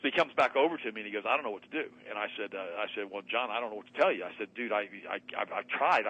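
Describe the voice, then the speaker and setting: A health doctor appearing as a guest on a talk radio show tells a story fast and emphatically, acting out both sides of a conversation. His voice is lowish yet bright and expressive, and the radio broadcast audio is poor.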